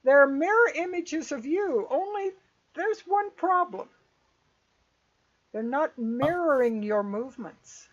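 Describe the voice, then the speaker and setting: A woman running a tabletop game as game master, describing scenes in a measured way with hesitant restarts. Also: high-pitched, lively intonation. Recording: dull lo-fi audio.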